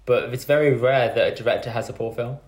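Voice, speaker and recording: A man's voice: mid-range voice, fairly even intonation, fast, a little mellow. Podcast co-host, man with a mid-range voice, opinionated and casual. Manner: blunt, opinionated, swears casually.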